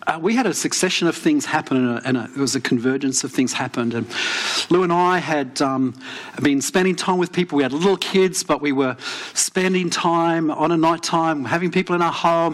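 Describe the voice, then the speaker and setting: A middle-aged man, preaching a sermon and telling a personal story with dramatic pauses, dropping low and soft for emphasis. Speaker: pastor.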